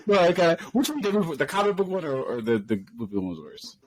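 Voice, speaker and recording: A man co-hosting a podcast, chatting casually and animatedly, with bursts of high-pitched exclamations and laughter. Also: sing-song, fast, background noise. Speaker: podcast co-host.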